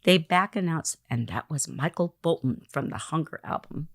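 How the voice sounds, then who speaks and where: Animated woman telling a story. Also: sits low, normal speed, no room sound, studio quality. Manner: animated storyteller who acts out quoted lines. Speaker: interview guest. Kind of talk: lively anecdote in an interview.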